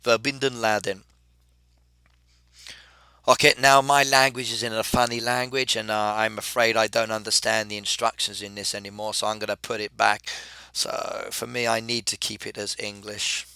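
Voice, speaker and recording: Gravelly chatty man with a cold. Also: fairly low pitch, little pitch movement, normal speed, sharp tone, no room sound. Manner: chatty, answers viewer comments with filler uhs. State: has a cold. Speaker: live-stream gamer. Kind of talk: casual live-stream chat reading comments.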